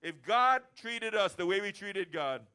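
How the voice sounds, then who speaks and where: A man preaching a lively sermon to his church, acting out everyday chats as he goes. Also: sits high, a little slow, clean tone. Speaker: pastor. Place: church service.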